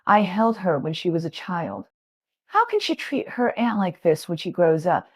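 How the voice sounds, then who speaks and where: A woman's voice: fairly low pitch, sing-song, normal speed, husky. A woman voicing a grasping middle-aged aunt who whines and demands in a storybook reading. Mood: demanding.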